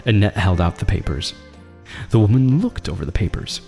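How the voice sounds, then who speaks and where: A man reads a dramatic story aloud with a lively, rising and falling voice and a measured storytelling delivery. A long reverb hangs on his words, and faint music plays underneath. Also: fairly low pitch, vocal fry. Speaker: narrator. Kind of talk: scripted story narration.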